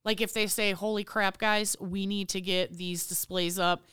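A woman's voice: mid-range voice, fairly even intonation, moderate pace, a bit bright, smooth, dry recording, studio quality. A woman talking casually as a guest about her merchandising job, swearing freely and telling stories with energy. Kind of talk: casual chat.

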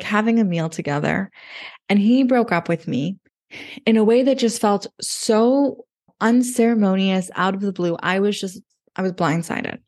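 A woman's voice: mid-range voice, a little mellow. Woman in her 30s chatting on a podcast, says like a lot, acts out her own thoughts. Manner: chatty, lots of "like", relives moments in quoted inner voice. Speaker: podcast guest, dating coach. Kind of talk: casual interview storytelling.

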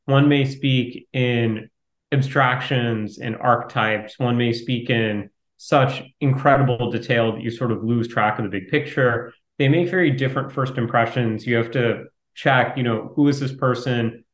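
A man answering interview questions as a startup investor, talking quickly and in a fairly flat way. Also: mid-range voice. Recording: roomy echo.

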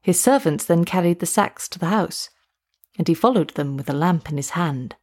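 A woman narrating a story aloud in a steady, measured way. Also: on the low side.

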